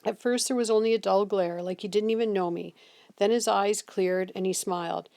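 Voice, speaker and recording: A woman reading a novel aloud in steady first-person narration. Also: mid-range voice, normal speed, creaky. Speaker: reader.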